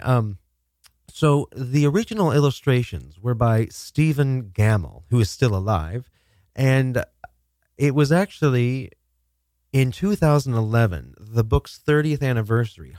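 A man's voice: mid-range voice, a little mellow, no echo, studio quality. A man hosting a radio show, chatting casually with wry, incredulous and profane commentary. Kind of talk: casual chat.

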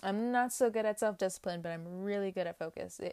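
A woman's voice: mid-range voice, steady tone, fast talker, hardly any pauses, warm tone, no echo. A young woman giving a casual tarot reading, talking candidly and with emphasis, often rambling. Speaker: tarot reader.

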